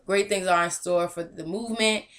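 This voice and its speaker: Young woman, earnest vlog host, slightly low voice, encouraging tone. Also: steady tone, normal speed, a bit bright. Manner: earnest, encouraging, with casual slang. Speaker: movement founder and show host. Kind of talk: casual spoken vlog.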